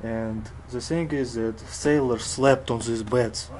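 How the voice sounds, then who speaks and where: A Russian-accented man hosts a casual tour vlog, chatting in broken English with plenty of fillers. His voice sits at a middling pitch. Clear background noise runs under his talk. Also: fairly even intonation, takes it slowly, a little mellow. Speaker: vlog host. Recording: noisy background.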